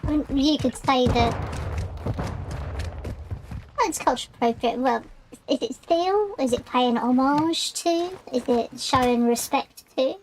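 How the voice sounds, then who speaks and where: A woman with a fairly high voice chats on a live game stream, wandering between thoughts and interrupting herself. Loud game gunfire and clicks run underneath her talk. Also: a little slow, pauses often, slight background noise. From United Kingdom. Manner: rambling, self-interrupting, chatty. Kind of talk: casual chat while gaming.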